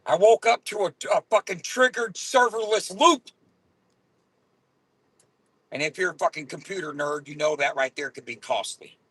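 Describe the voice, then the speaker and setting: A man ranting angrily with constant swearing and loud outbursts while driving in his car. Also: sits high, normal speed, long pauses, breathy edge, no echo, low-quality recording. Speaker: vlogger. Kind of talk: profane ranting vlog.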